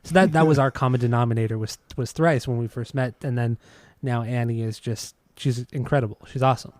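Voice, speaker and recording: A man's voice: medium pitch, fairly even intonation, fast talker, no room sound, clean studio sound. Rambling, swearing male podcast host. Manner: rambling, restarts and swears freely. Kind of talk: casual podcast chat about music.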